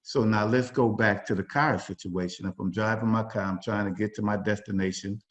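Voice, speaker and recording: A man's voice: fairly low pitch, fairly even intonation, a little fast. A man facilitating a workshop over a video call, talking informally with many fillers and restarts. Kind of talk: conversational workshop talk. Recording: dull lo-fi video call audio.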